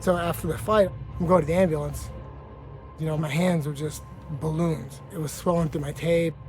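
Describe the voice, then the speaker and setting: A man's voice: fairly high pitch, fairly even intonation, normal speed, a little mellow. A man, a fighter, recounting a brawl in a candid interview, blunt and profane, laughing at himself. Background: background music.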